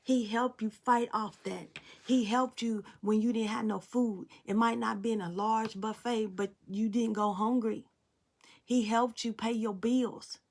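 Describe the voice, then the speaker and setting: Unhurried and fairly even in intonation, this tarot reader's voice sits on the high side. She delivers a spiritual reading straight to her viewers, preachy, blunt, and emphatic, cursing casually now and then.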